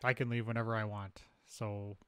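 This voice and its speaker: A man's voice: lowish voice, flat delivery, normal speed, clean tone, no room sound. A man playing a tabletop game, talking through plans in a loose, chatty way. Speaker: player. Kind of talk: casual tabletop play.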